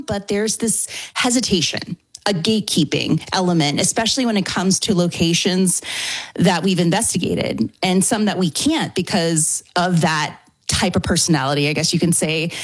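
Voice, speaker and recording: A woman's voice: lowish voice, no echo. A woman from New Orleans with a New Orleans accent, a paranormal investigator answering questions as a radio guest in an articulate, easygoing way.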